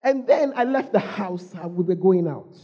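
A woman's voice: lowish voice, expressive, moderate pace, slightly rough, highs cut off. A woman with a Ghanaian English accent preaching a storytelling sermon, calling out to the congregation and repeating her phrases.

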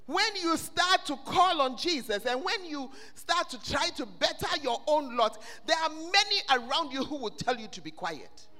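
A man preaching a sermon in a church, swelling into loud, sing-song shouting. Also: very high voice, sing-song, moderate pace, few pauses. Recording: long reverb of a church hall.

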